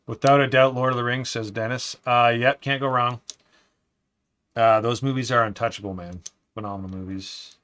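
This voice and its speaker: Steady in tone and moderate in pace, a mid-range male voice hosts an easygoing desk live stream. He reads viewer comments aloud, often uses "man" to address people, and sometimes slips into a quiet mutter as he builds.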